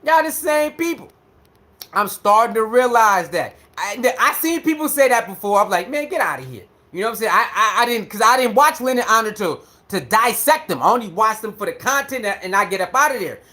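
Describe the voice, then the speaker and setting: A man with speech giving a casual, animated commentary rant, repeating himself and mocking others. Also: high voice, fairly quick. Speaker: commentary streamer.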